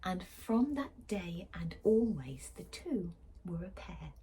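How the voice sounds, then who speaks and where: Hushed, warm-toned woman reading a story. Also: on the low side, big pitch swings, slow, husky. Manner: hushed, often whispered, with questions to young listeners. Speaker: school teacher reading a picture book. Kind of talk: storytime reading aloud for children.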